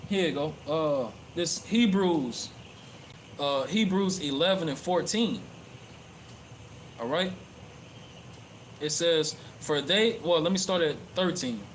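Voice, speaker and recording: A man's voice: fairly high pitch, takes it slowly, pauses often, low-quality recording. A man preaching casually while walking through a park by a pond, rambling and profane, with many fillers and restarts. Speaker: religious livestreamer. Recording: clear outdoor background noise.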